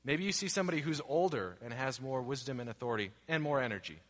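A man's voice: medium pitch, animated, fast, a bit bright. A man in his thirties preaching a sermon as pastor, earnest and repetitive, asking rhetorical questions. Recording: long hall reverb.

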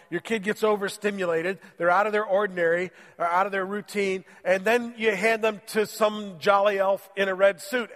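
A man's voice: sits high, a bit bright, big-room sound. A man preaching a sermon in church while fighting a cold, in a joking, conversational way. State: has a cold, voice lowered. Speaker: pastor. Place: church sanctuary.

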